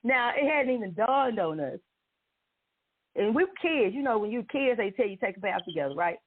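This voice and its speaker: Animated woman on a tinny line. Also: a little high, brisk, husky. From Dallas, Texas. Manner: animated, laughing often, dramatic exclamations. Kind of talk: casual storytelling. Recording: tinny phone-like sound.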